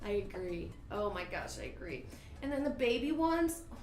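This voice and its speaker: A woman's voice: medium pitch, sing-song, normal speed, darkish tone. A woman hosting an online trivia livestream, giggling often as she reads questions and chats. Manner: giggly, laughs often while reading questions. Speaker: trivia host. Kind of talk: casual trivia livestream chat. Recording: roomy echo with faint music.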